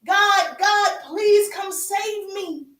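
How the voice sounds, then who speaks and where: A woman acting out a desperate man stranded in a flood, crying out to God in a high, loud, drawn-out plea. The voice rings in a roomy space, a little away from the mic. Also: distant mic. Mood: desperate pleading. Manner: loud pleading cries to God.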